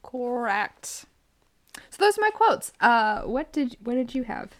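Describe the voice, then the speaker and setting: A woman in casual conversation about a book, animated and laughing often, reading quotes aloud. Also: a little high, unhurried. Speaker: book discussion co-host. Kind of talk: casual chat.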